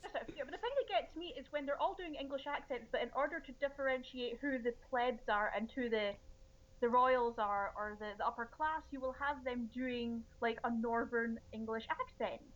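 Opinionated woman co-host, rattles on fast; lo-fi sound. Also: on the high side, fairly bright tone. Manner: fast, opinionated, rambling asides. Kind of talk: casual chat.

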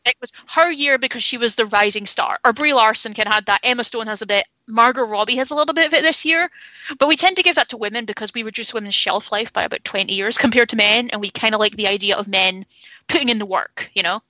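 A woman's voice: a little high, fast, pushed and bright, no room sound, low-quality recording. A woman talking candidly about films in a casual podcast chat, opinionated and swearing freely. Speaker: film podcast panelist.

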